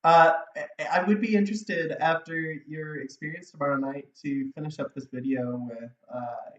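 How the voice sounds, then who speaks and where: A man's voice: a little high, steady tone, moderate pace, reverberant, highs cut off. A man casually explaining tabletop game rules as a dungeon master, laughing often. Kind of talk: casual chat.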